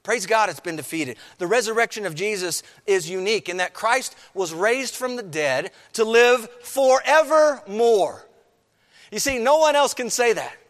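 A man preaching a sermon to his congregation, swinging between quiet, low passages and raised, emphatic ones. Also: lively intonation, normal speed, long reverb tail. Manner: preaching, rising and falling with emphasis, addresses the congregation. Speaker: pastor.

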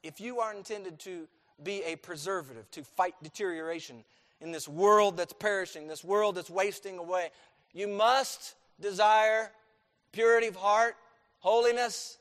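High-voiced preacher in a reverberant hall. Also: male voice, a little slow. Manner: emphatic, repeats key phrases, swings from loud to quiet. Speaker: pastor. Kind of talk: sermon. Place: church sanctuary.

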